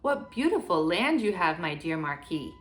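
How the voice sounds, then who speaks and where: A woman's voice: on the low side, sing-song, moderate pace. A woman reading the part of a greedy old king who speaks in a grand, pleased way, for a children's storybook. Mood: regal.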